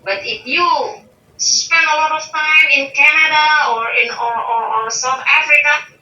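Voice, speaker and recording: A woman's voice: high-pitched, measured pace, sharp tone. A woman from Indonesia, a non-native English speaker, talking as an interview guest, hesitant with restarts but firm when she makes a point. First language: not English. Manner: hesitant, with many restarts and fillers, then firm and emphatic. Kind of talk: casual interview conversation. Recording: distant, dull, echoey recording with faint noise.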